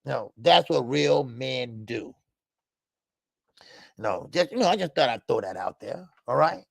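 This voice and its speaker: A man's voice: medium pitch, measured pace, vocal fry, dry recording, studio quality. A man hosting a live boxing talk show, speaking casually with lots of slang and filler words and greeting chat viewers by name. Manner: animated and emphatic, street slang, many fillers.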